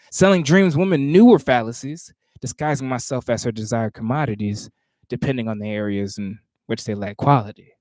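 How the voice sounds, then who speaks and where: A man practicing spoken word poetry in a dry, close-sounding space. His pitch sits in the middle range. He recites his verses with rising intensity, then drops into quiet asides to himself about his pacing and starts the lines again. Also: no room sound. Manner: stops and restarts lines, talks asides to himself; rises louder and higher when reciting.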